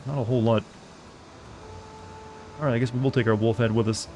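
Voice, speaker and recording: A man's voice: mid-range voice, steady tone, fairly quick, darkish tone, dull audio, slight background noise. A young man from the southern United States, a streamer chatting casually and rambling as he plays, swearing now and then. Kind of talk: casual chat while gaming.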